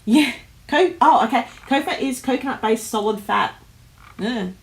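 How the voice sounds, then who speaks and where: Woman, Australian accent, casual livestream chat, animated, laughs a lot, home office. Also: fairly high pitch, normal speed. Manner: chatty, animated, laughs often, many fillers. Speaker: host of a planner livestream.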